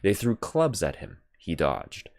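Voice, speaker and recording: A deep-voiced man reading a classic novel aloud at an unhurried pace. His measured reading swings widely in pitch to bring out the drama. The recording is dry and close, with no room sound. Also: wildly swooping pitch, vocal fry, darkish tone, no room sound. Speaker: audiobook reader. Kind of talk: unhurried literary narration.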